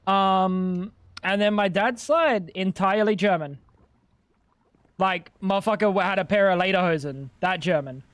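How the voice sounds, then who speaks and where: A man's voice: sits high, normal speed, no echo. Crude joking man streaming. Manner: crude, rambling joking banter with chat. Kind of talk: casual gaming livestream chat.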